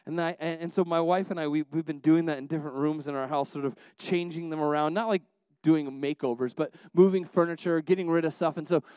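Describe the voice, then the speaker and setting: A man's voice: fairly high pitch, steady tone, brisk, hardly any pauses, clean tone, dry recording. A man preaching a sermon as a pastor, telling family stories with many restarts and building to passionate exhortations. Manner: storytelling, many restarts, swings between soft asides and rising exhortation.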